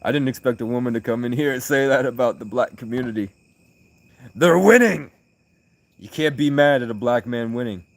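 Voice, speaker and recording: A man from the United States chatting on a late-night livestream, rambling through stories and reading out his chat, with loud bursts of laughter. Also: medium pitch, steady tone, fast talker, hardly any pauses, no echo.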